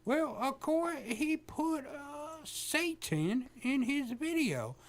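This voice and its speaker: A man putting on the voice of a prudish, bigoted older male televangelist in a comedy radio bit, talking in a high stammering drawl. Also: big pitch swings, slow, heavily acted. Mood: indignant.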